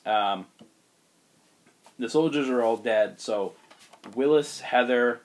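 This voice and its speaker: A man hosting a chat, retelling a story in a loose, animated way. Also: mid-range voice, slow. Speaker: host pitching a movie story.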